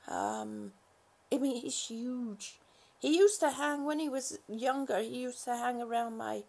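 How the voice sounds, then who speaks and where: A woman hosts a casual live stream, calling each viewer honey or sweetie as she greets them. Her voice sits high but carries a gravelly edge, and she talks at an unhurried, meandering pace. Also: darkish tone. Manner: greets viewers one by one with affectionate pet names; rambling, with many fillers and restarts.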